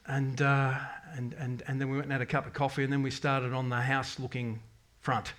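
A man's voice: mid-range voice, level tone, a little fast, a bit bright. A middle-aged man, giving a rambling, candid personal faith testimony to his congregation, full of restarts and quoted prayers. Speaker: parish member giving a testimony.

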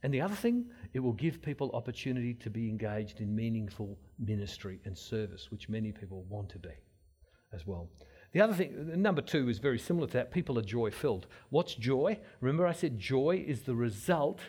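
A man giving an informal sermon-style talk, telling stories with many restarts and swinging between loud and soft. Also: medium pitch, expressive, brisk, husky. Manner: rambling storyteller, many restarts.

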